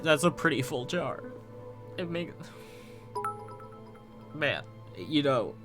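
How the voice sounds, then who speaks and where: A man hamming up a tearful apology on his livestream, deadpan and full of stammered restarts. His voice is bright and edged, and he drags every word out slowly. Faint music plays under him. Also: medium pitch. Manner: deadpan fake-sobbing, rambling with stammered restarts. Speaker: streamer. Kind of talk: mock-tearful livestream banter.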